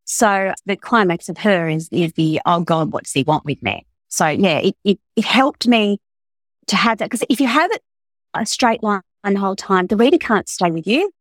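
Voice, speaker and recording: A woman's voice: mid-range voice, expressive, normal speed, no echo. Thoughtful woman novelist, dry close sound. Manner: thoughtful, with frequent restarts and fillers. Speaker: novelist guest. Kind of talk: casual interview chat.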